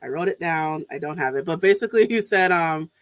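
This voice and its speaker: Woman podcast host, really low voice, laughs a lot, dry close sound. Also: brisk, no room sound. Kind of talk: casual interview chat.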